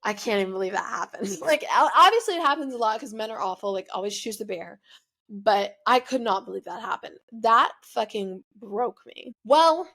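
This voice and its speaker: A woman's voice: fairly high pitch, lively intonation, moderate pace, bright, forceful tone. A young woman hosting her own show, telling a personal breakup story in a rambling, confessional way, full of "like" and "you know". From United States. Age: young adult. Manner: rambling, heavy use of "like", emotional confessional. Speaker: podcast host.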